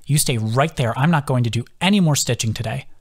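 A man's voice: mid-range voice, quick pace, natural voice. A man voicing a cautious young woman healer who speaks firmly and caringly in an audiobook.

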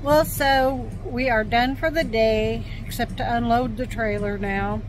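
A woman talking casually as a vlogger, chatty and unhurried with many fillers. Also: a little high, steady tone, noisy background. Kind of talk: casual vlog narration. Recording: loud music under the voice.

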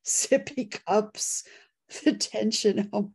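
On a casual live video-call webinar, the host, a woman with a mid-range voice, eagerly reads the poll outcomes and chat, excitable and quick with a laugh.

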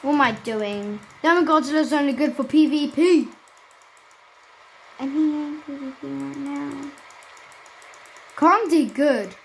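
A woman chatting excitedly to her viewers while she plays a video game. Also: high voice, measured pace, pauses often, a little hiss or hum, rough recording. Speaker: gaming channel host. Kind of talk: casual gameplay commentary.

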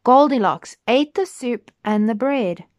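Slow, gentle woman reading to children. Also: fairly high pitch, expressive. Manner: slow, clear, gentle read-aloud. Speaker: storyteller.

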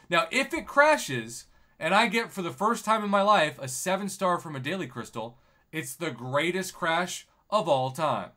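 A man's voice: fairly high pitch, normal speed. A man streaming a mobile game, chatting casually, laughing and reading viewers' comments aloud. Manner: excitable, laughing, reads chat aloud. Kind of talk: casual live-stream gaming chat.

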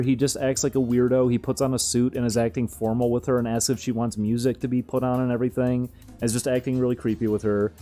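A man's voice: mid-range voice, mellow. A young man streaming, rambling through casual commentary with frequent amused laughs.

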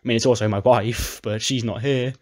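A man's voice: medium pitch, fairly even intonation, a little fast, close to an everyday voice. A man doing a vain, fussy showman wrestler. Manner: indignant, whiny. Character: vain showy male wrestler, fussy and stressed.

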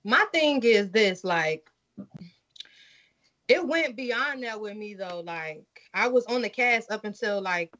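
A woman hosting a casual podcast chat, telling stories in a blunt, profane and animated way. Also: medium pitch, takes it slowly. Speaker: podcast host.

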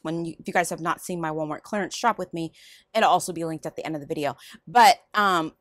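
A woman's voice: deep voice, fast talker, no room sound, studio quality. A woman vlogger chatting casually about her shopping haul at home, rambling from one item to the next. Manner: rambling, chatty, lively ups and downs. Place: home room.

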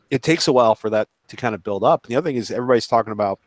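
A man's voice: mid-range voice, fast talker, dry recording. A man talking as a guest on a live panel, rambling through his points and acting out little quoted exchanges. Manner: rambling, animated asides with acted-out quotes. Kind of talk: casual panel discussion.

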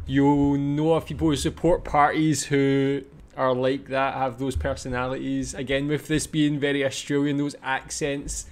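Guy reacting to a comedy clip, rambly, says again and yeah a lot, mid voice. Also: medium pitch. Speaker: reaction video host. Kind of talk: casual commentary.

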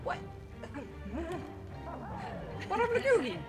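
A woman giving casual, excitable commentary while playing a video game, swearing and shrieking at what happens on screen. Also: extremely high pitch, very fast. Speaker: let's play gamer. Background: game music.

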